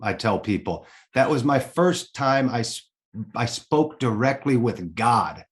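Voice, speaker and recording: Male interview guest, mid-pitched voice, frank and heartfelt, drops casual curses. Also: lively intonation, a little slow. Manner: candid and earnest, swears casually. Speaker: podcast guest. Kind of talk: personal storytelling in an interview.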